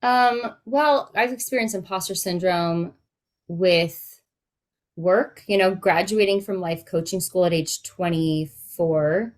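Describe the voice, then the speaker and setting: A woman's voice: fairly low pitch, slow pace. A woman in her late thirties, a life coach co-hosting a podcast, chatting candidly with plenty of fillers. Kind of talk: casual podcast chat.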